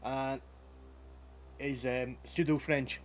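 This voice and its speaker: A man's voice: medium pitch, steady tone, slow pace, slight background noise. A man hosting a casual chat over a video call, telling stories in an easygoing, anecdotal way. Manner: chatty, anecdotal storytelling with laughs. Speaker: podcast host and game master.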